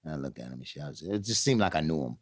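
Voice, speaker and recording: A man's voice: a bass voice, rapid-fire, no room sound, clean studio sound. A middle-aged man telling a long story in a casual chat, acting out the voices of the people in it and laughing often. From New York. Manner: animated, acts out quoted voices, laughs often. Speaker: guest storyteller.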